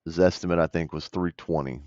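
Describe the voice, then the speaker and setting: A man's voice: low-pitched, steady tone, brisk, a little mellow, dry recording. A man from the American South, blunt and conversational, coaching viewers through a phone call he made. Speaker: real estate investor explaining a deal. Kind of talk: casual commentary over a call recording. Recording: dull dry voice-over.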